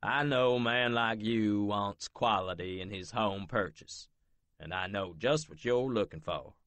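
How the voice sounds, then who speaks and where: A man voicing a smug male realtor who mocks and pushes a sales pitch, in an audiobook. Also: a little slow, a bit bright, no echo. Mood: salesy. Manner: sneering, salesy.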